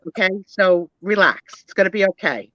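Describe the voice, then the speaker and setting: A woman's voice: medium pitch, lively intonation, normal speed, bright, forceful tone, no room sound. A woman voicing a formal, prim male doctor doll who speaks in a reassuring but pedantic way. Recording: dull lo-fi dry sound.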